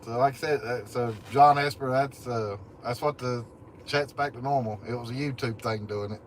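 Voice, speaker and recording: A man's voice: medium pitch, normal speed, slight background noise. A man who hosts a livestream, reading out chat and laughing often in a folksy, drawling way. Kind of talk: casual live chat. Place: camping, in a chicken hut.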